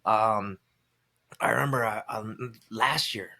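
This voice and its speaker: A man's voice: lowish voice, takes it slowly, creaky. A man who is a guest on a podcast, chatting casually and telling stories with plenty of swearing. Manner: relaxed, swearing storyteller who acts out quoted voices. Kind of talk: casual chat.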